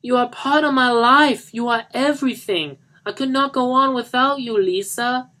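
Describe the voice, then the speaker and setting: A man's voice: very high voice, normal speed, pushed and bright, voice pushed up. A man voicing a melodramatic, overwrought man who pleads and rages. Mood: pleading. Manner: strained, overblown outbursts.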